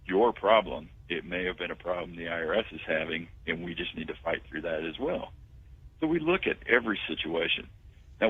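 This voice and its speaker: A man, a tax firm owner, pitching his services confidently as a guest phoning into a radio talk show. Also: husky. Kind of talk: radio phone-in interview. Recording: tinny phone line.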